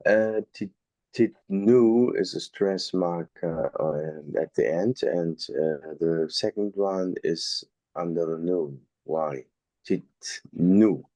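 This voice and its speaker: A student asks a careful, hesitant question over a video call. His voice is deep, slow and mellow, with a dry sound. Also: no echo. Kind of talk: asking questions in class.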